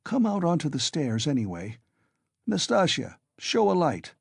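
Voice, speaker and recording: A man voicing a tipsy, blustering young male friend, louder and pitched above his own voice. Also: huge pitch swings, measured pace, creaky, slightly rough, no room sound, clean studio sound, full character voice. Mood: urgent.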